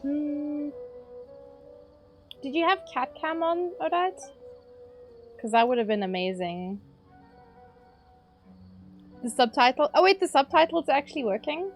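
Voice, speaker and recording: Casting: bubbly South African woman streamer, slightly high voice, slow and easy delivery, faint music behind. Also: animated. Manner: bubbly, giggly, greets chatters by name. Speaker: livestreamer. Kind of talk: casual chat with stream viewers.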